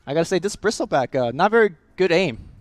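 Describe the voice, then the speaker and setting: A man's voice: high voice, expressive, fast. A man doing esports color commentary on a headset, explaining the game's mechanics step by step. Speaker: esports co-caster.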